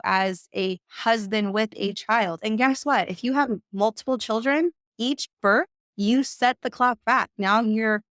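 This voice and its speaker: A woman coach and mother giving conversational advice, emphatic and quick to act out the voices she quotes. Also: mid-range voice, a bit bright, clear, resonant tone, no room sound, clean studio sound.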